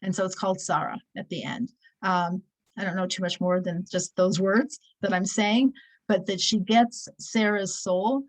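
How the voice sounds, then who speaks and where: A woman's voice: mid-range voice, fairly even intonation, normal speed, rough recording. Chatty woman in her sixties teaching. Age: 60s. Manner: chatty, anecdotal, many fillers and restarts. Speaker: Torah class teacher. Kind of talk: casual weekly scripture class.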